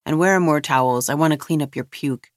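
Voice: mid-range voice, brisk, no echo, close to an everyday voice. A firm, matter-of-fact woman, voiced by a narrator who does not back down. Her lines are plain and blunt. The sound is close and dry. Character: blunt, determined woman caring for a stranger. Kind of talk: audiobook character voice.

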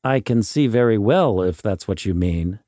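A man's voice: lowish voice, animated, moderate pace, dark tone, no room sound, studio quality. A man voicing an uneasy, sleepless man. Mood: defensive.

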